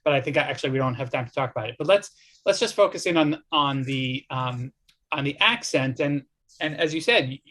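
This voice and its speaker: Man, interviewer, academic conversation, hesitant, frequent restarts, slightly higher voice. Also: animated, a little fast, a bit bright.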